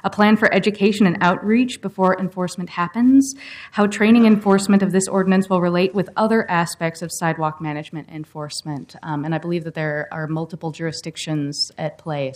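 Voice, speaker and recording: A woman reading prepared testimony to a city council as an advocacy group director, brisk and earnest. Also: low voice, steady tone, a little mellow.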